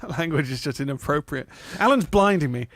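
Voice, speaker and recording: Brief: man as a jittery joking recruit, high lively voice, dry close mic. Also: a little fast, no echo. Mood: wisecracking. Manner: nervous, wisecracking. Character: timid goofy young male army recruit. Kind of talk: hobby script read-through.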